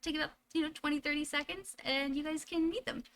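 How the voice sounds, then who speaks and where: A woman streams from home in casual, chatty talk, thanking her viewers and restarting her sentences as she goes. Her voice sits high and sounds crisp and bright, with faint noise behind her. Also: fairly even intonation, quick pace. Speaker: live streamer. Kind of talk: casual live-stream chat.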